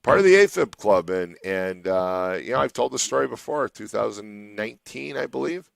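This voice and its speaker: A man's voice: fairly low pitch, expressive, normal speed, creaky, no echo, low-quality recording. A middle-aged man hosting a radio show, telling a long personal story in a rambling way with many restarts.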